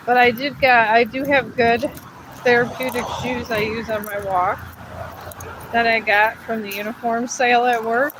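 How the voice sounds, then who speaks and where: A woman's voice: on the high side, steady tone, moderate pace, background noise. Weary woman coaxing her dog outdoors. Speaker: dog owner livestreaming a walk. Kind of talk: casual live vlog. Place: outdoors on a hilly street walk.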